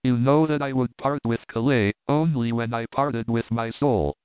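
Man voicing a scared traitor knight, pleading, smooth voice, phone-like audio. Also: medium pitch, normal speed, dry recording, lightly acted. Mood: defensive. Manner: pleading, defensive. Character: frightened treacherous Italian man knight. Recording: tinny narrow-band dry recording.

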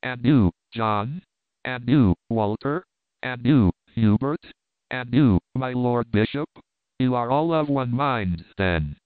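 Man voicing a stern, furious medieval king, smooth voice, tinny sound. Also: mid-range voice, lively intonation, slow pace, no room sound. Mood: wrathful. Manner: stern, accusing. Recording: tinny narrow-band dry recording.

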